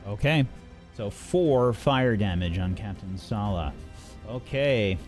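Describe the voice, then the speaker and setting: A man narrating and running a tabletop game as game master, unhurried and full of fillers. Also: fairly low pitch, expressive, a little mellow, faint music behind.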